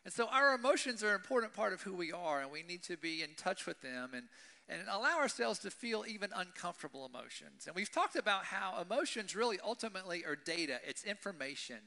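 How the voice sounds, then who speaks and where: A man's voice: sits high, sing-song, fast, vocal fry, sharp tone. A male pastor giving a conversational sermon to his congregation, often checking in with "right?". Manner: conversational, asks the audience "right?". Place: church service with congregation.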